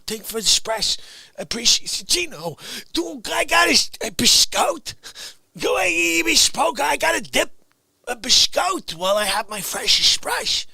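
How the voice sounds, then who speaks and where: A middle-aged man hosting a livestream, chatting and ranting comically to viewers, dropping to whispers and jumping to shouts. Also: extremely high pitch, normal speed, gravelly, breathy edge, no echo. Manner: excitable, swings from whispers to shouts; playful comic ranting to the chat. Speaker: livestream host. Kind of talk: animated livestream chat.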